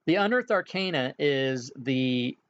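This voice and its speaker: Expressive and unhurried, a medium-pitched male voice comes through with lo-fi sound. He's running an online game as game master, giving casual setup instructions peppered with filler sounds.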